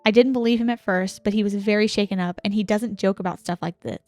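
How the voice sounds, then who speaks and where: A young adult woman co-hosting a podcast, calmly reading listener stories aloud and chatting. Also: mid-range voice, quick pace, no room sound, soft background music. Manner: calm, reserved reader, laughs easily.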